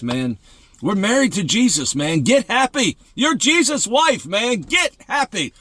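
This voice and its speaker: A man hosting a devotional show, preaching in an excitable, emphatic way, repeating phrases and often breaking into laughter. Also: sits high, measured pace, no room sound.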